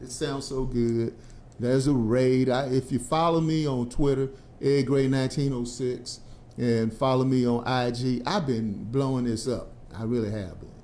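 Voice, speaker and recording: A male radio host with a mellow, warm tone, talking in a loose, folksy way. He explains the news man to man, leaning on slang and lively storytelling. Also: medium pitch, slight background noise. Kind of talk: casual talk radio commentary.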